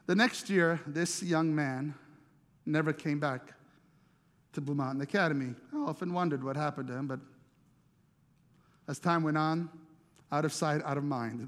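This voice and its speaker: A middle-aged male pastor preaches in a loose, chatty way, doubling back on words as he tells his story. His voice sits high for a man. It rings out with the long reverb of a large hall. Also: moderate pace, long pauses. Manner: conversational, repeats words while searching for them, laughs at himself. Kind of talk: storytelling sermon.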